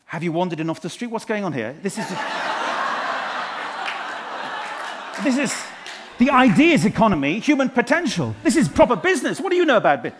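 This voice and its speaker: A man with a high voice and lively intonation speaks slowly, pausing often, against a noisy background while playing a pompous, self-loving management guru in a live stage comedy act. Boastful on a conference stage, he rhymes showily and quizzes the audience.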